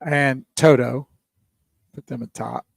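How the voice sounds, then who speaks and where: A man's voice: medium pitch, steady tone, slow, gravelly, dry recording. A man, co-hosting a radio show in easy banter. He laughs often, and the sound is dry and close. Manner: laughs often, easygoing reactions. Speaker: radio co-host. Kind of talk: casual radio chat.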